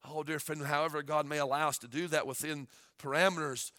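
A male pastor preaching a sermon, moving between quiet storytelling and loud, shouted exhortation. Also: fairly high pitch, fairly even intonation, a little fast, dry recording, clean studio sound.

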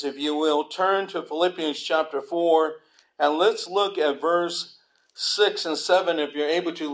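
A man preaching a sermon, telling folksy joke stories and acting out the characters' lines. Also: on the high side. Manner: folksy storytelling, voices the characters in jokes. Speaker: pastor. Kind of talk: sermon with humorous anecdotes.

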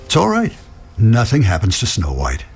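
A gentle older widower, musical. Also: male voice, on the low side, wildly swooping pitch, moderate pace, creaky, soft background music, heavily acted. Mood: playful. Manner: soft, affectionate, with chuckles. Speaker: kindly widower adopting an orphan. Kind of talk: radio drama acting.

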